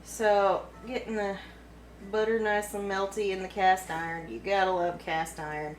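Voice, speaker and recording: A woman's voice: medium pitch, level tone, normal speed, slight background noise, low-quality recording. A woman with a Kentucky accent, chatting and giggling casually as she cooks in her home kitchen for a cooking vlog. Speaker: cooking vlogger.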